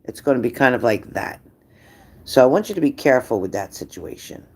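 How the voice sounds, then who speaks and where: A psychic reader giving an unhurried spirit-message reading who repeats phrases and trails off mid-sentence. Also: mid-range voice, big pitch swings, a little hiss or hum. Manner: breaks off to scold a dog loudly.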